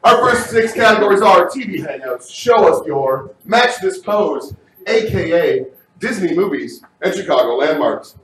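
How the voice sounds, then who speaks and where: A man hosting a live game show, energetic and often shouting, recorded from a distance in an echoey room. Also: high voice, a little slow, slight background noise.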